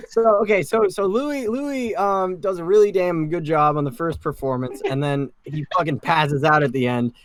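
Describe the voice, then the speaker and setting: A man's voice: fairly high pitch, moderate pace, few pauses, dry recording. A man co-hosting a podcast, recapping casually in a rambling, sweary way with lots of fillers. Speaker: podcast co-host.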